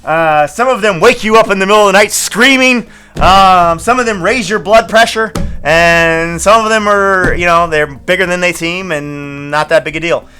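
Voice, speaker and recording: A man with a high, bright voice tells stories in a rambling, chatty way full of fillers and restarts. Faint music plays behind him. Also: normal speed. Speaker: landlord and channel host. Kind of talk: casual storytelling vlog.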